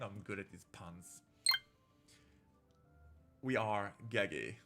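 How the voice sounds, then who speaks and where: A man's voice: lowish voice, slow, fairly bright tone. A man streaming a visual novel. He reads the game text aloud and jokes around in a playful, campy way. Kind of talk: casual gameplay commentary, reading game text aloud. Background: faint game music.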